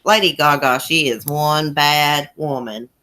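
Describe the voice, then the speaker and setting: Here a YouTube livestream host from a small Southwest Virginia mountain town talks a little slowly, her deep, low voice carrying a thick Appalachian country accent. Reading viewer comments in a relaxed way, she chats folksily and laughs easily.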